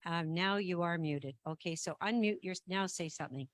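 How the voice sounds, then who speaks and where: Low-voiced woman chairing a council meeting. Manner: measured, with frequent ums and restarts. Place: meeting room around a council table.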